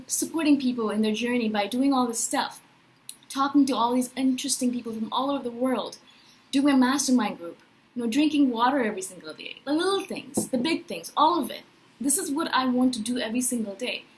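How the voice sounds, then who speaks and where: A woman in her thirties talking in a personal spiritual vlog, animated and emphatic, often checking in with "right?". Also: high-pitched, brisk, a little hiss or hum, rough recording. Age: 30s. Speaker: vlogger.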